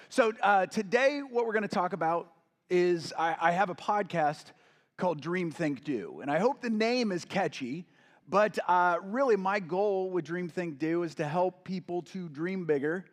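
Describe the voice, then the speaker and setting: Male keynote speaker, storyteller type, slightly high voice, long reverb of a large hall. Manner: storytelling, acts out quoted voices, addresses audience. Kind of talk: motivational keynote talk. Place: large event hall with audience.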